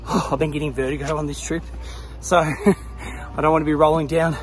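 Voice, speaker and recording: Man, fairly high-pitched, casual travel vlog, chatty, laughs often, out of breath, outdoors, camera mic. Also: little pitch movement, moderate pace, over music. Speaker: travel vlogger. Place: outdoors at a hilltop pyramid site.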